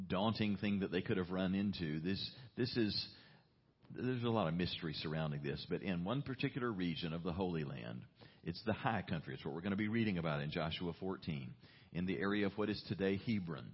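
A man preaching a sermon, reading Scripture aloud and retelling it with animated storytelling. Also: low voice, breathy edge. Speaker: pastor. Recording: dull lo-fi recording.

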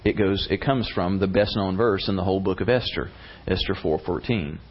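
Animated preacher telling a story. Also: male voice, low voice, brisk. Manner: animated, conversational retelling. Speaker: pastor. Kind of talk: sermon storytelling. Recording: dull lo-fi recording.

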